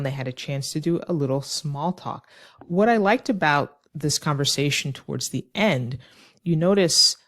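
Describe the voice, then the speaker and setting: An English teacher talks learners through small talk in an ESL lesson. They explain step by step and act out short example lines along the way. The voice sits at a middle pitch.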